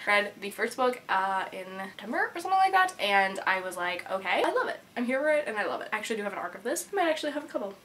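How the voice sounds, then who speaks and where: A woman's voice: a little high, fairly bright tone, a little hiss or hum. A young woman in her twenties chatting casually as a book vlogger, bubbly and gushing, with lots of "like" fillers. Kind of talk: casual chat.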